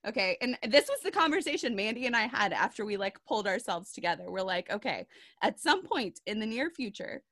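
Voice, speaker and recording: A woman co-hosting a podcast, chatting casually and exclaiming excitedly. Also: medium pitch, fairly quick, no room sound, clean studio sound. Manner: excitable, exclamatory, says "oh my gosh". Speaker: podcast co-host. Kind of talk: casual chat.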